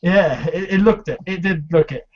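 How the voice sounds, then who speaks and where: A man hosting a casual football fan chat, chatty and quick to laugh, with many fillers. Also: high-pitched. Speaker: fan channel host. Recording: dull lo-fi sound.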